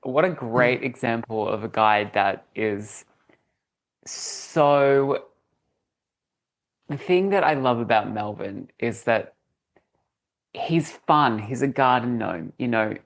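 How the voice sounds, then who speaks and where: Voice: medium pitch, takes it slowly, long pauses. A podcast host in casual conversation, affirming the guest and laughing along. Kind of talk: casual interview chat.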